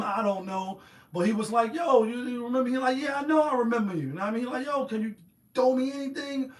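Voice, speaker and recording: A man's voice: high-pitched, echoey room. A man hosting a show, giving a rambling, profane, streetwise opinion monologue. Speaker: host. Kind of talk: casual monologue.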